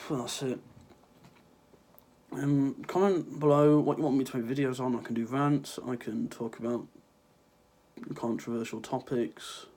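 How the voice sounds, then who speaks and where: A man's voice: medium pitch, steady tone, measured pace, long pauses, a little mellow, slight background noise. A teenage lad with a cold, sniffling through a rambling, sarcastic rant to his viewers. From Ireland. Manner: sarcastic, rambling, swears freely. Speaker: vlogger. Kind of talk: casual ranting vlog.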